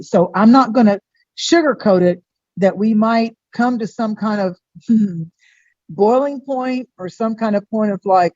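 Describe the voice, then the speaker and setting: A woman astrologer, a guest on a podcast, talking in a chatty way and acting out bits of dialogue in lively voices. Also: medium pitch, moderate pace, no room sound, muffled recording. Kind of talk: podcast interview.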